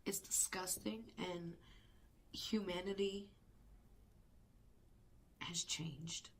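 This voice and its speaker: A woman co-hosting a live stream reaction, talking intensely and emotionally, often sinking into a hushed whisper. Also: lowish voice, steady tone, drawn-out words.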